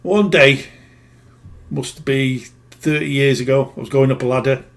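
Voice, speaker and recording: A bit slowly and in a mid-range voice, a middle-aged spiritual healer shares a personal story as a casual monologue. His delivery is plain-spoken and meandering, with frequent self-corrections.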